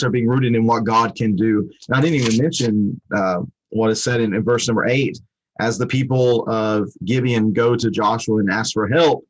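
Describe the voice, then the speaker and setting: A man's voice: mid-range voice, poor audio. A man co-hosting a Bible study show, explaining a passage in a rambling, conversational way with many restarts.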